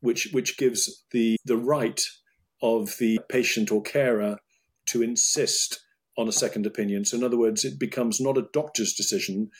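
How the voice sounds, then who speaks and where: Brief: middle-aged British doctor, husky and measured, restarts often. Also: male voice, on the low side. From United Kingdom. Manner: thoughtful, with many restarts and repeated words. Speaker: urologist guest. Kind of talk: interview conversation.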